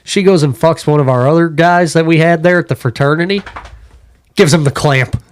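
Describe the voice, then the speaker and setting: A man's voice: a little high, brisk, clear, resonant tone. A young man, a podcast guest, telling wild stories from his younger days in a loose, profane way. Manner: profane, animated storyteller. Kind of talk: casual storytelling.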